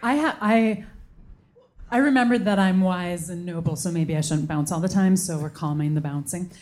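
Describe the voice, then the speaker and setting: A woman's voice: lowish voice, normal speed, darkish tone. Giggly woman player. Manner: playful, giggly.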